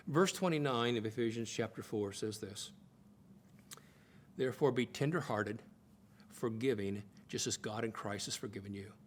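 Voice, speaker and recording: A middle-aged man teaching on marriage in a conversational preaching style, stressing points by repeating phrases and jumping in pitch. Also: slight background noise. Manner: emphatic, repeats phrases for stress, jumps to high excited pitch. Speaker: Bible teacher.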